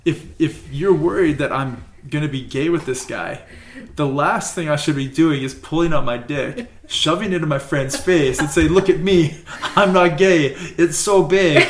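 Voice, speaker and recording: A man's voice: on the high side, normal speed, slight background noise, close to an everyday voice. A man voicing a teenage boy reasoning with his mother, mildly exasperated, in a roomy recording. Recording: roomy echo.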